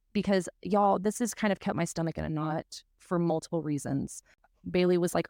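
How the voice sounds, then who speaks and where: A woman's voice: fairly low pitch, moderate pace, darkish tone, no room sound. Lady podcaster, earnest and emotional, dry close mic. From South Mississippi. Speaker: podcast host. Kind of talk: casual podcast chat.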